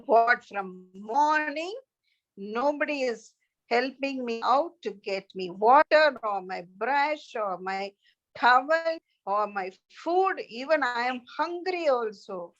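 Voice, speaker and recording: A woman's voice: fairly high pitch, animated, slow, fairly bright tone, pitched above the performer's own voice. A woman voicing a grumpy, hungry king who scolds his sleeping court. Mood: annoyed. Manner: complaining, scolding. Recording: dull lo-fi recording.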